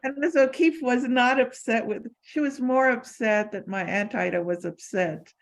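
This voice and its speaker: A woman's voice: on the high side, normal speed, poor audio. An older woman answering audience questions, telling personal stories with frequent fillers and restarts. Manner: warm anecdotal, many fillers and restarts. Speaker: former assistant sharing memories. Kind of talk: lecture Q&A storytelling.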